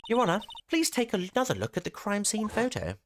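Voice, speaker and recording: A man's voice: high voice, huge pitch swings, fairly quick, slight background noise, pitched above the performer's own voice, full character voice. A man reading aloud the lines of a composed woman defence lawyer in a video game. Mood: pointed.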